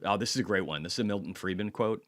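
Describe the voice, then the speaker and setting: A man's voice: sits low, racing, fairly bright tone. A man hosting a casual market commentary video, talking bluntly with frequent profanity and occasionally apologizing for going off on a tangent.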